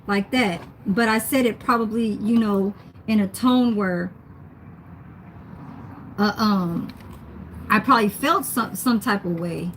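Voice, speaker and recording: A woman's voice: medium pitch, unhurried, fairly bright tone, slight background noise. A young woman, chatting casually on a livestream while she cooks, reading comments and laughing often. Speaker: livestream host. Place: home kitchen.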